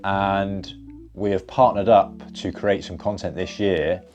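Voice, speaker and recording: A young man from Bristol talks casually to camera in a chatty, upbeat vlog. His voice sits very low, and his Bristolian accent slips out now and then. Soft guitar music plays faintly behind him. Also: fairly even intonation, measured pace, lo-fi sound. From Bristol, England. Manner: chatty and upbeat, many fillers and restarts. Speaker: golf content creator.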